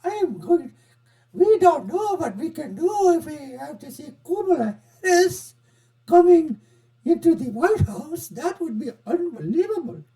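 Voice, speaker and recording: A man putting on a shrill mock-accented voice. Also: very animated, measured pace, dark tone, heavily acted. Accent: put-on Indian accent. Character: man mocking with an exaggerated accent.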